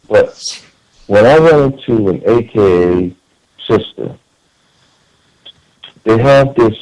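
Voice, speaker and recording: A man's voice: fairly low pitch, big pitch swings, a little slow, pauses often, darkish tone, rough recording. A man calling in to a radio talk show, speaking in an earnest, emphatic way with frequent repeated words and restarts. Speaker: caller.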